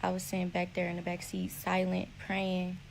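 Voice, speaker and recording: A young woman telling her own story in a blunt, profane, animated way. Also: lowish voice, normal speed, creaky, a little hiss or hum, low-quality recording. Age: young adult. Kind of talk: casual storytelling.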